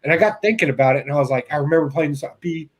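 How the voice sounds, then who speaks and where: A man's voice: on the high side, racing, breathy edge. A man telling a funny story in casual chat, laughing often and acting out the people he quotes. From rural upbringing. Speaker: guest.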